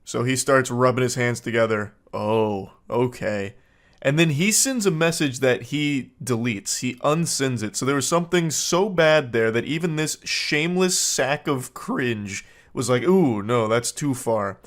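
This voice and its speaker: A man in his thirties giving deadpan, sarcastic comedy commentary while reading text messages aloud, mocking the quotes in put-on voices. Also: medium pitch, moderate pace, hardly any pauses. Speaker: commentary host.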